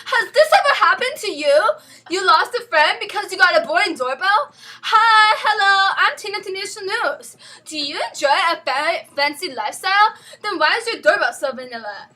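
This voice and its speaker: A woman acting as a perky female spokeswoman in a homemade mock TV commercial for doorbells, delivering a giggly sales pitch. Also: animated, normal speed, pushed and bright, heavily acted. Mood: peppy pitch.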